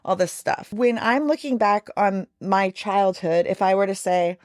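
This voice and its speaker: A woman's voice: mid-range voice, measured pace, no echo, clean studio sound. A woman co-hosting a podcast, chatting casually about a book and thinking aloud with lots of "like"s. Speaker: podcast co-host. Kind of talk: casual book-discussion chat.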